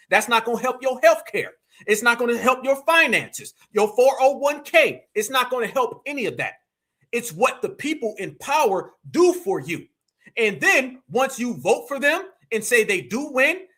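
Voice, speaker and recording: Fired-up guy ranting on a livestream, high bright voice, kinda husky, keeps saying fam. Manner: animated, preachy, mocking, repeats "fam". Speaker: livestream political commentator. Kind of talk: heated political livestream rant.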